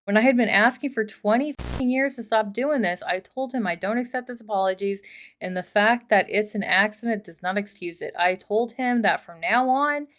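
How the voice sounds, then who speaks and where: A woman's voice: mid-range voice, normal speed. Casual woman swearing through a reading. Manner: swears freely, chatty asides. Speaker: host reading and reacting to online posts. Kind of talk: casual commentary and reading aloud.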